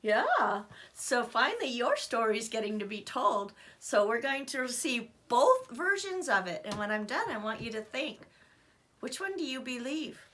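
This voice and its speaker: A woman teacher reading a storybook aloud to children in an expressive, animated way. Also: on the high side, a little slow.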